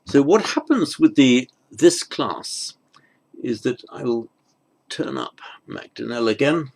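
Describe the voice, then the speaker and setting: A man's voice: mid-range voice, animated, slow pace, vocal fry, darkish tone. A man teaching an online grammar lesson, thinking aloud with fillers and restarts and muttering asides under his breath. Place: at a desk with a tablet.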